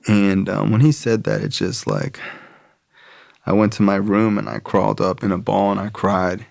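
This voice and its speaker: A man's voice: fairly low pitch, moderate pace, creaky, no room sound. A man, a podcast guest, telling a personal story in a casual, loose way, full of "like" and "bro". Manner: casual, relaxed, frequent "like" and "bro".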